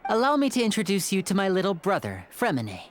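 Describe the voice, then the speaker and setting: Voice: medium pitch, wildly swooping pitch, fast, a little hiss or hum. A performer voicing a charming, polite young stage magician in a video game. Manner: polite, smooth, light laughs.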